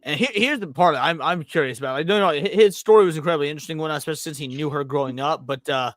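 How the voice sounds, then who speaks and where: A man's voice: fairly high pitch, racing, fairly bright tone, no room sound, clean studio sound. A man co-hosting a podcast in casual chat, blunt and swearing a lot. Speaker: podcast co-host.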